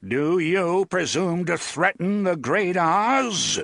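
A man voicing a pompous male wizard who booms slowly and grandly from hidden pipes. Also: sing-song, gravelly, fairly bright tone, breathy edge, no echo, studio quality, heavily acted. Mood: booming. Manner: slow, grand, theatrical.

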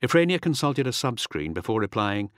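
A man narrating an audiobook in a steady, measured reading. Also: on the low side, no room sound, clean studio sound. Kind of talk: scripted narration.

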